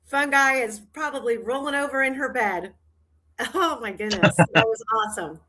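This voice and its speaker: This livestream host is a woman whose voice is a little high, bright, and forceful at normal speed. Chatting casually, she rambles, trails off, starts her thoughts over, and laughs often.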